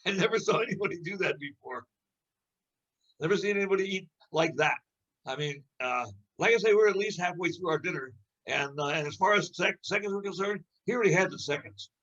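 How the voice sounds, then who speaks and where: An older man with a high voice recalls an old memory at a relaxed ramble, losing words and chuckling. The audio is dull and lo-fi. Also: fairly quick. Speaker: guest martial arts master.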